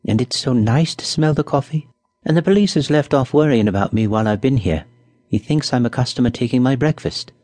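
A man's voice: mid-range voice, animated, brisk, darkish tone, no room sound, close to an everyday voice. A man voicing a ragged, hungry little street girl who talks in a bold, matter-of-fact way with common speech, in a storybook reading. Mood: wistful.

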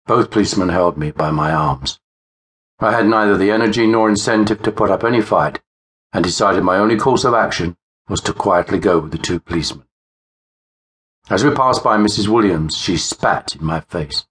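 A man narrating a first-person horror audiobook in a measured, grave manner. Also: deep voice, fairly bright tone. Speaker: author and narrator.

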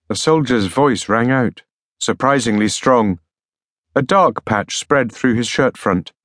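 A man narrating an audiobook thriller in a measured, dark storytelling manner. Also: mid-range voice, dry recording, studio quality. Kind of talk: scripted narration.

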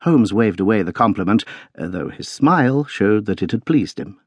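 A man narrating a classic story as an audiobook, with expressive, well-paced storytelling. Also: lowish voice, moderate pace, husky, dry recording, clean studio sound.

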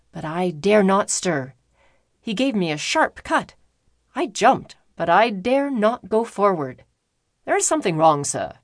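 A woman reading a classic novel aloud as an audiobook narrator, in lively storytelling fashion with the characters' lines put on. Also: medium pitch, dry recording, studio quality. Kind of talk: scripted narration.

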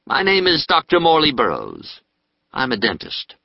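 A man's voice: fairly high pitch, huge pitch swings, moderate pace, gravelly, dry recording, voice pushed up, heavily acted. A man voicing a formal, anxious middle-aged male dentist in an audiobook. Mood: earnest. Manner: formal, polite, grave. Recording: slightly muffled dry audiobook.

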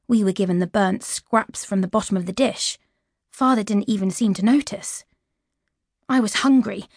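A woman narrating a children's audiobook at a middle pitch in a clear, lively storytelling manner. The recording is dry and close, with no room sound. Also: no room sound.

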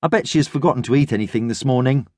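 A man's voice: medium pitch, very fast, a little mellow, no echo, clean studio sound, close to an everyday voice. A man voicing an eager, imaginative young boy in an audiobook, talking in an earnest, chatty way.

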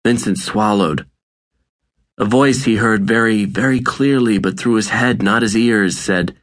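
A man narrating an audiobook in a measured, deliberate reading. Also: on the low side, a bit bright. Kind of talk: scripted narration.

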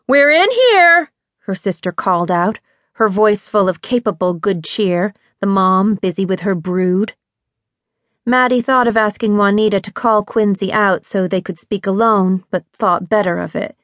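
A woman narrating a thriller audiobook in a measured, even reading. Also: mid-range voice, no room sound, studio quality. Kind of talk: scripted narration.

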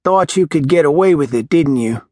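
A burly thug hisses his threats in a harsh, snarling whisper, as a narrator puts him on. The voice is pushed higher and tighter than the narrator's own, and it is recorded close and dry. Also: animated, normal speed, darkish tone, dry recording. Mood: menacing. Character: menacing burly male attacker.

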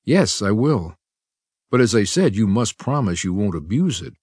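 A man playing a firm, quiet baritone husband. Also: sing-song, moderate pace, husky, no echo, clean studio sound. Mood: stern.

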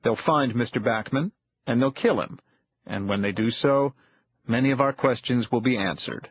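Man doing a frail elderly spy chief, cold, soft-spoken, husky, dry dull audiobook sound. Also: medium pitch, normal speed, dry recording. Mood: calm, cold.

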